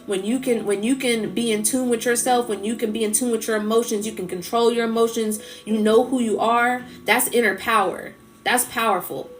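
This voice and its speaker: A woman's voice: on the high side, steady tone, fairly quick, hardly any pauses. A woman speaking in on a casual livestream, preaching about emotions in an impassioned way and repeating her phrases. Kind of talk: casual live-stream talk.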